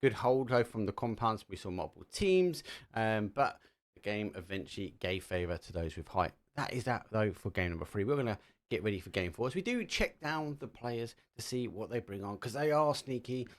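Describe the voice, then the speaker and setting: A man's voice: lowish voice, animated, normal speed. Essex-accented man casting esports. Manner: chatty, joking asides between match calls. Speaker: esports caster. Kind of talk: live esports commentary.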